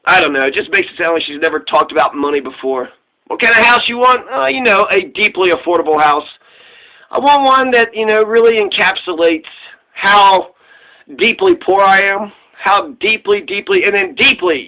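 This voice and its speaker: High, bright-voiced sarcastic man ranting. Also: low-quality recording. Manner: sarcastic, profane, mocking. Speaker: political commentator. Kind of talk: casual commentary rant.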